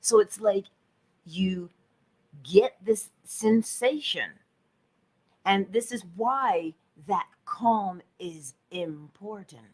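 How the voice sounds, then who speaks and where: Slow, husky-voiced woman host. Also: mid-range voice. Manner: warm greetings, drifts into whispers. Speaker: host of an inspirational live space. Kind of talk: unhurried inspirational talk.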